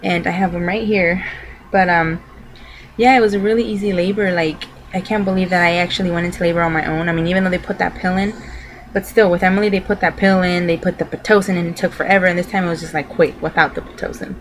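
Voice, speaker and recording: A woman's voice: fairly low pitch, steady tone, fast, a little hiss or hum, poor audio. A young adult woman vlogging, telling a personal story to camera in a loose, rambling way full of filler words.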